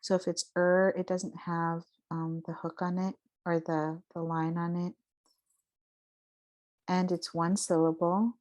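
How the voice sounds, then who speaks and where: Slow-talking woman teaching vowel sounds. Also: fairly low pitch, little pitch movement, a little mellow. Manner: explanatory, demonstrates sounds aloud. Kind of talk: casual spoken lesson.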